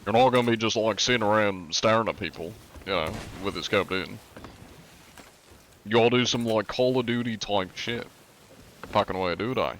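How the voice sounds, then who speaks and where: A man's voice: on the low side, moderate pace, a bit bright, a little hiss or hum. A young man streaming a game live, rambling casually, swearing often and laughing at his own tongue slips.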